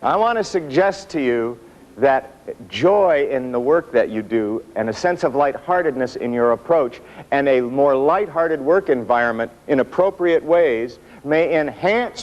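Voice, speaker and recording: A man giving a motivational workshop talk to an audience in a room, telling stories with self-mocking humor and dramatic pauses. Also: medium pitch, expressive, a little mellow, highs cut off. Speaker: motivational speaker.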